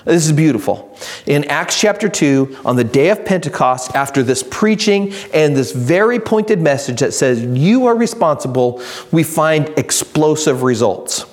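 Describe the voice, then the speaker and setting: A man preaching a sermon, reading scripture slowly and building to emphatic, raised delivery. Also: on the high side, animated. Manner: reads scripture slowly and deliberately. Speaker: pastor.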